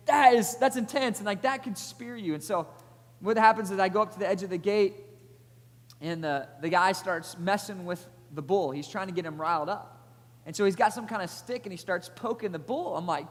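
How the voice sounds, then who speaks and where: A man in his thirties delivers a sermon with energetic, animated storytelling. His voice sits fairly high for a man. It rings with the long reverb of a large hall. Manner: animated storytelling, energetic, rising loud at climaxes. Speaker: pastor. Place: church auditorium.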